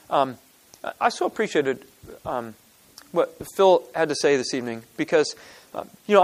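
A man with a rather high voice speaks to a group in a loose teaching style. He restarts his sentences often, clears his throat between points and presses his listeners with rhetorical questions. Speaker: speaker at a church teaching session. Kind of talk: informal teaching talk.

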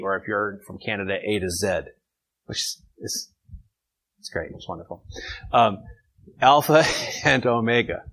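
A man's voice: fairly low pitch, fairly bright tone, rough recording. A man leading an informal Bible study, reading verses and taking questions from his group in a conversational way.

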